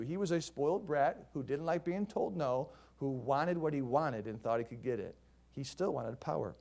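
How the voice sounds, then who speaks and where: Man, pastor, sermon, higher pitch, conversational, storytelling.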